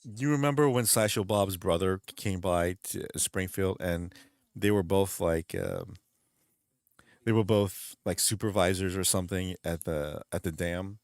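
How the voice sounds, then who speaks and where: A man's voice: low-pitched, a little slow, no echo, clean studio sound, faint music behind. A man hosting his channel in casual chat, rambling, laughing often and restarting sentences. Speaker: channel host.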